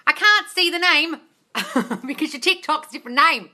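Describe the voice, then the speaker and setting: On her phone livestream Q&A chat, a manifestation coach with a high, sharp voice speaks at a moderate pace, reading aloud and replying to viewers' comments. She's blunt, swears freely, and calls everyone darling.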